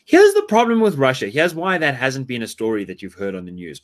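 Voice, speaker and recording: A South African man in casual podcast chat, rambling through his points with plenty of "like" and "you know". His pitch swings widely, lively and expressive, at a middling height. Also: fairly quick, hardly any pauses. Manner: rambling, animated, filler-heavy.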